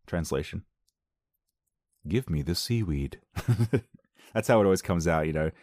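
Deep-voiced sarcastic man reading news. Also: expressive, a little slow, a little mellow, dry recording, studio quality. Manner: sarcastic, rambling asides. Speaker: video host. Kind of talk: reading and reacting to weird news.

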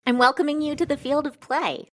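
A woman's voice: high-pitched, fairly even intonation, fairly quick, voice pushed up, close to an everyday voice. A woman voicing a theatrical, playful female alien leader who speaks with flamboyant flourish.

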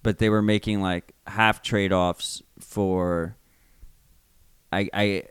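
A man's voice: sits low, level tone, takes it slowly, clean tone, no echo. A man with a New York accent, co-hosting a podcast in loose, casual chat, often restarting his sentences and swearing freely. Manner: loose, profane, restarts a lot. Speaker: podcast co-host.

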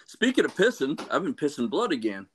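A man co-hosting a podcast, sharing anecdotes in casual chat with an excitable, profane manner. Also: on the high side, brisk, a little hiss or hum. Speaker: podcast co-host.

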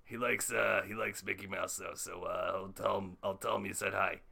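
A man doing a gravelly, rambling mad scientist. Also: low-pitched, steady tone, normal speed, bright, forceful tone, voice pushed down, exaggerated voice. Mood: boastful. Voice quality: gravelly, rambling with filler stammers. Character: cranky old male mad scientist. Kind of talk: comedic impression.

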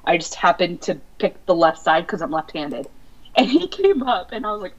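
A woman guest on a podcast, telling excited fan stories in casual chat. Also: medium pitch, a little fast. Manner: excitable fan storytelling with laughs. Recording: dull lo-fi podcast audio.

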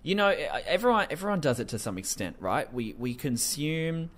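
A man hosting a casual commentary podcast, animated and profane, laughing often as he talks. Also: on the high side, a little fast. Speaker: podcast host.

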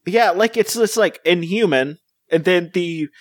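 A man's voice: high voice, a little slow, no echo. Rambling, filler-heavy man on a podcast. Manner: rambling, full of "like" fillers and restarts. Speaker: podcast co-host. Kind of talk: casual chat.

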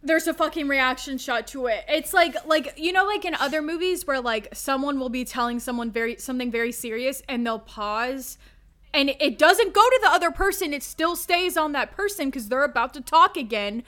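A high, bright woman's voice on a casual podcast. She talks bluntly and rants with lots of swearing, and goes quiet between the outbursts. Her tone is sharp and animated. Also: moderate pace. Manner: blunt, profane, animated ranting. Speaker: podcast co-host. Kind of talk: casual chat.

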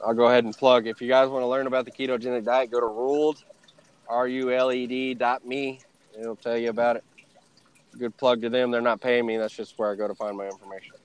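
A man's voice: medium pitch, flat delivery, brisk, clean tone. A man with a Southern US accent co-hosting a casual, profane, joking chat show. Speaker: podcast co-host.

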